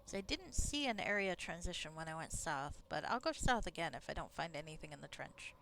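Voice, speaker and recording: A woman's voice: low-pitched, animated, a little fast, vocal fry, fairly bright tone, slight background noise. A woman streaming a game, chatting casually and rambling with frequent laughs. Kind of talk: casual gameplay commentary. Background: game music.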